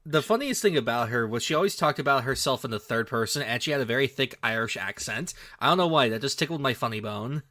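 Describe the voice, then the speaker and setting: A man's voice: mid-range voice, animated, fast, hardly any pauses, pushed and bright, no echo, studio quality. A man co-hosting a podcast, recapping a movie with wry, sarcastic asides. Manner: wry, sarcastic, mock-quoting. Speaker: podcast co-host. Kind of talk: casual chat recapping a movie.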